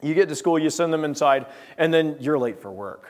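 Animated preacher, a man with a higher voice. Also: brisk. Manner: animated, talks straight to the congregation. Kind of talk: sermon with object lesson.

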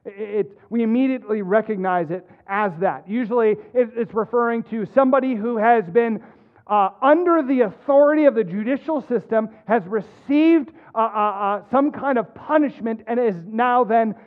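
A middle-aged man preaching a sermon as pastor, earnest and halting, often restarting his words. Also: very high-pitched. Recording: tinny phone-like sound.

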